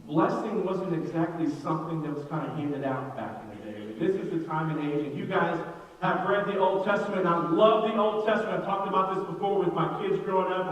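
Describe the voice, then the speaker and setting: A middle-aged man, a pastor preaching a sermon, energetic and joking, speaking straight to his congregation with many restarts. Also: sits high. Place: church sanctuary. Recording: echoey hall, mic far off.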